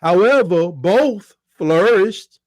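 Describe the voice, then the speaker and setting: A man hosting a casual sports debate, animated and teasing, firing off repeated punchy jabs. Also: sits high, slow, no room sound, poor audio. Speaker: podcast host.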